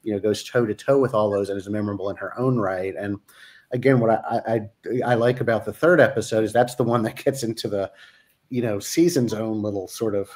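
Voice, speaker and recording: A man's voice: fairly low pitch, steady tone, a little fast, darkish tone. A man talking as a guest in a casual interview chat, enthusiastic and full of fillers. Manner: enthusiastic, laughs often, many fillers. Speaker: series creator guest.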